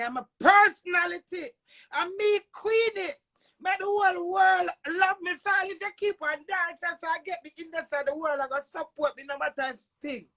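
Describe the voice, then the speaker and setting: A Jamaican woman ranting with loud, brash cursing, swinging between shouting and low mutters. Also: poor audio. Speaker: social media personality. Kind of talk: cursing rant.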